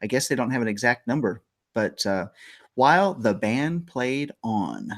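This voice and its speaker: A man's voice: medium pitch, sing-song, unhurried. Jokey guy hosting a morning talk show, rambly, voice all over the place. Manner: jokey, rambling, laughs often. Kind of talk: casual morning show chat.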